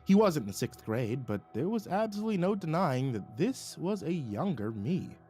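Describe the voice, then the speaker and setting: A man reading a first-person story aloud in an expressive, dramatic way. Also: on the high side, normal speed, soft background music. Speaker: narrator.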